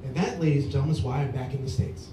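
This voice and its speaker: A man's voice: racing, dark tone. A man doing stand-up at an open mic, telling a long rambling story with lots of fillers. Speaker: stand-up comedian. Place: small bar at open mic. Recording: echoey bar from far off with faint rumble.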